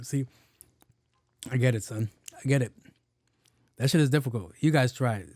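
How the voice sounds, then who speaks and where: A man's voice: mid-range voice, moderate pace, long pauses, a little mellow, no room sound, studio quality. A man hosting his own podcast, talking in a rambling, casual way, swearing freely and stumbling over tongue twisters. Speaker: podcast host. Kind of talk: casual solo podcast chat.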